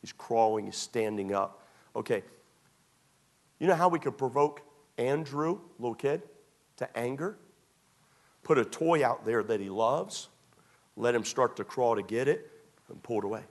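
A man preaching a sermon as pastor, emphatic and repetitive, often dropping to a quiet tone. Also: mid-range voice, animated, measured pace, pauses often.

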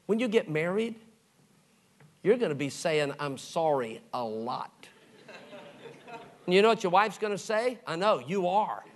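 Preaching in a somewhat high voice, this middle-aged pastor delivers his sermon stories a little slowly, with lively intonation and frequent pauses. He acts out each character's voice and drops to a soft, low register for the tender moments.

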